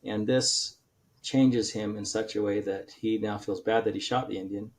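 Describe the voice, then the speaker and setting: A man with a fairly low voice talks as a podcast guest, retelling a story at length. He stumbles and restarts his sentences often, filling the gaps with ums and uhs. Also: steady tone, moderate pace. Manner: rambling retelling with many restarts and fillers. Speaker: author guest. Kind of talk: casual podcast interview.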